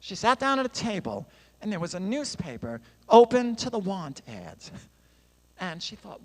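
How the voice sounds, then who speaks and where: A man tells a story to a church congregation, his voice pitched high and swinging freely up and down. His casual sermon storytelling carries a long reverb from the large sanctuary. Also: big pitch swings, moderate pace. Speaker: songwriter and guest speaker.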